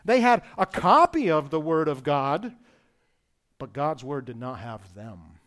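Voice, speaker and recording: A pastor delivering a sermon in an earnest, emphatic way. His voice sits on the higher side for a man. He swings from rising, pressing points to quieter reflective asides. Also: animated, a little slow.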